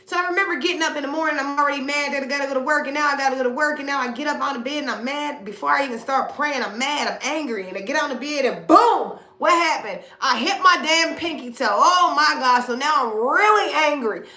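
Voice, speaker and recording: A woman's voice: high-pitched, fast talker, few pauses, sharp tone, roomy sound. A middle-aged woman giving a casual spiritual reading to viewers, blunt and preachy, with slang and swearing. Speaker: spiritual reader.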